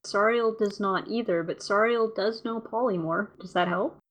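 A woman's voice: medium pitch, normal speed. A woman playing a tabletop game, thinking aloud in casual chat. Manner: chatty, musing. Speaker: player.

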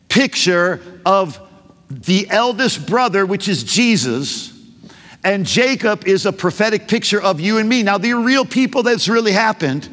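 A man's voice: sits high, fairly bright tone. A man preaching a sermon as a pastor, passionate and full of rhetorical questions. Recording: long reverb of a large hall.

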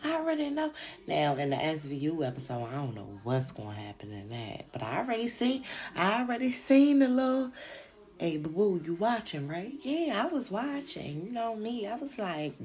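Animated, slangy woman podcaster. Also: mid-range voice, moderate pace. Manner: animated, slangy and profane, with frequent asides to listeners. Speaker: podcast host. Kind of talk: casual gossip commentary.

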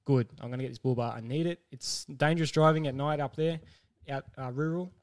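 A man co-hosting a casual podcast, telling a story with lively acted-out quotes and frequent laughter. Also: medium pitch, fairly quick. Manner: animated storyteller, acts out quotes, laughs often. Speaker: podcast co-host.

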